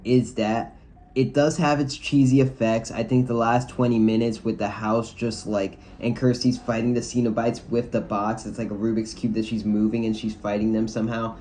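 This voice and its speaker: A man's voice: fairly low pitch, flat delivery, moderate pace, dark tone, slight background noise. A man giving a casual video review of a film, talking loosely and frankly with lots of "like" and some swearing. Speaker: movie reviewer.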